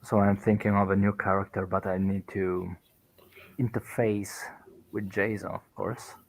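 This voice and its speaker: A man's voice: lowish voice, flat delivery, unhurried. A man chatting easily as a player in a tabletop game. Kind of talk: casual chat.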